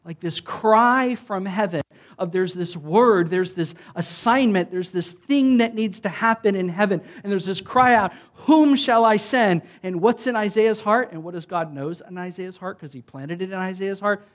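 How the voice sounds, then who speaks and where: High-voiced man preaching conversationally. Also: normal speed. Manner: conversational preaching with frequent "like" and "right?"; loud emphatic bursts when reading scripture. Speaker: pastor. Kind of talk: sermon.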